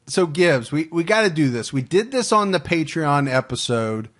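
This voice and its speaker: A man's voice: fairly high pitch, sing-song, normal speed, fairly bright tone. A man hosting a true crime podcast, reading out supporter names and case facts in a dry, matter-of-fact way. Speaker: podcast host.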